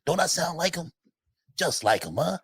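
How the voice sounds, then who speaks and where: A man puts on a brash Italian-American uncle, teasing and half-laughing through it. The voice is husky and lively in pitch. It sounds dry and close. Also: normal speed, dry recording, exaggerated voice. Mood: mocking.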